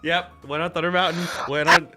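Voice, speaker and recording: A male streamer in casual chat, teasing his friend with deadpan jabs. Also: a little high, brisk. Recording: music playing behind.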